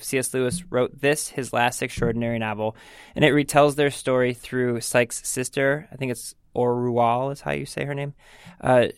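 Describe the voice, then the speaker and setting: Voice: medium pitch, clean tone, no room sound. A chatty speaker talking through a book pick, full of fillers and asides. The sound is dry and close. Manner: chatty, teasing, many fillers. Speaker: book discussion co-host. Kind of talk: casual chat.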